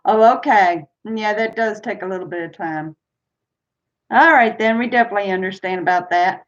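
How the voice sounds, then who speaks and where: A woman's voice: mid-range voice, normal speed. A woman hosting a casual live-stream trivia game, chatty and laughing often as she reads out questions and chats with viewers. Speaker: livestream trivia host. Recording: dull lo-fi stream audio.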